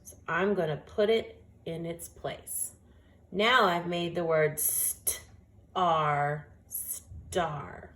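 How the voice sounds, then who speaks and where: A woman teaching a phonics lesson, speaking slowly and carefully and sounding out each word. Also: lowish voice. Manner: slow, deliberate, sounds out words.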